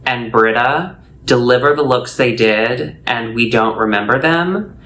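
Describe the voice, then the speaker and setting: A man's voice: medium pitch, measured pace, pushed and bright, rough recording. A man co-hosting a casual drag podcast, rambling and laughing as he talks. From Chicago. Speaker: podcast co-host. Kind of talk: casual chat.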